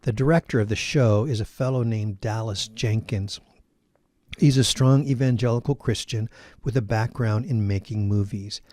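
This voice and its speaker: A male pastor giving an earnest, encouraging sermon in a steady teaching voice. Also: on the low side, normal speed, no room sound.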